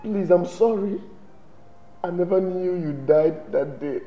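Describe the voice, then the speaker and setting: A man's voice: high voice, slow, roomy sound, lo-fi sound, soft background music. An actor playing an arrogant rich man with a Nigerian accent, begging desperately for forgiveness. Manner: pleading, desperate.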